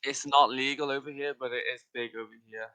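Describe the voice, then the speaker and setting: A man from Wales, a guest streamer telling candid, animated stories in casual chat. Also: medium pitch, a little fast, clear, resonant tone, poor audio.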